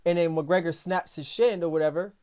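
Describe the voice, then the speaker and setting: A man hosting a podcast in casual talk, telling stories in a rambling, animated way with many restarts. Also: a little high, a little fast, smooth. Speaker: podcast host.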